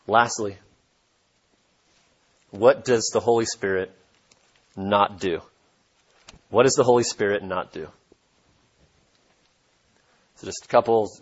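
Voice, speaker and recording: Emphatic, husky male pastor preaching. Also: lowish voice, highs cut off. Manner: emphatic, repeats key points for stress. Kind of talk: sermon.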